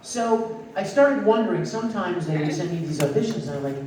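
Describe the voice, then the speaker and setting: Man, voice actor, high voice, storytelling panel, very echoey hall, faint background ambience. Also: fast, distant mic, a little hiss or hum. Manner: animated, acts out voices. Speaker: voice actor guest on a convention panel. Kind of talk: storytelling anecdote to a live audience. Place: large convention hall.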